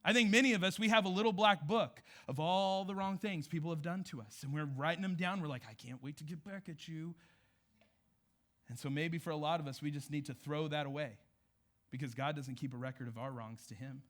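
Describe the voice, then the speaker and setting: A man's voice: a little high, fast, fairly bright tone. A young adult man preaching a sermon in a church, retelling scripture as casual, conversational dialogue. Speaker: pastor.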